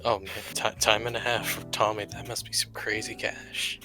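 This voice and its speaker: A man's voice: on the low side, little pitch movement, moderate pace, bright, forceful tone, faint music behind. A man playing a character in a livestreamed tabletop role-play, talking in an easygoing, casual way. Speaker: tabletop game player.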